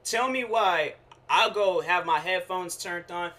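Bright-voiced young man ranting casually. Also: high-pitched, unhurried. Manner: animated storytelling, slangy, frequent fillers. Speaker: podcast host. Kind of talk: casual rant.

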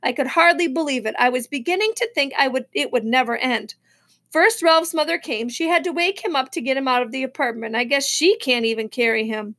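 A woman reading a children's novel aloud in a lively storybook manner. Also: high voice, a little fast. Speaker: reader.

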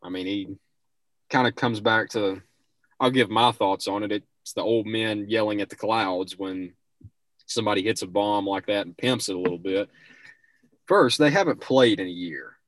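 A man's voice: on the low side, normal speed, fairly bright tone, dry recording. A young man co-hosting a casual sports talk show, giving rambling, opinionated takes and restarting his sentences often.

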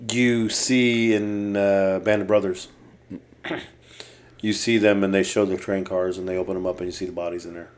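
A man co-hosting a casual podcast, trying to recall details with halting fillers. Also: low-pitched, level tone. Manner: listener giving back-channel hums, hesitant with fillers when recalling. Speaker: podcast co-host. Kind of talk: casual chat.

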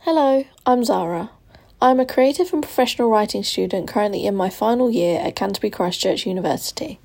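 A woman's voice: mid-range voice, fairly quick, vocal fry, a little mellow. A young woman in her twenties, a student editor, presenting a literary showcase in a careful, earnest read. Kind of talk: scripted presentation.

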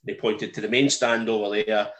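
A man's voice: fairly low pitch, little pitch movement, moderate pace, fairly bright tone. A man in casual podcast chat, rambling through a travel story with many ums. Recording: roomy echo.

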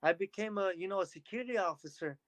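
A man talking as a podcast guest, telling energetic stories and acting out what others said to him. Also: sits high, quick pace, no echo, rough recording. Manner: energetic storytelling, quotes others in lively bursts. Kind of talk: casual interview chat.

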